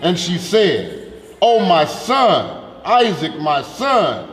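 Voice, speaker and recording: A man's voice: high-pitched, huge pitch swings, extremely slow, reverberant, long reverb tail. A man reading scripture aloud steadily. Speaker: scripture reader.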